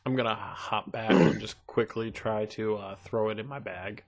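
A man playing a cleric in a tabletop game, arguing the rules in a measured way. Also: fairly low pitch. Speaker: player. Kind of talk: casual tabletop game chat.

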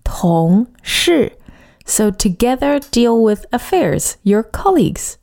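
Woman, podcast language teacher, warm mellow tone, clear explanations, slow careful example words. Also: a little high, very animated.

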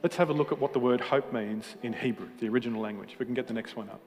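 A man's voice: mid-range voice, racing. Passionate male preacher in a big hall. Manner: passionate, rising to emphatic peaks then dropping quiet; self-deprecating humor. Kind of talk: sermon. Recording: hall reverb with faint music.

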